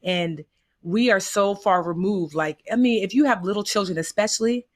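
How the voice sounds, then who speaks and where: A woman from the United States, a guest telling stories in casual conversation, animated and acting out the voices she quotes, with folksy asides. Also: medium pitch, moderate pace.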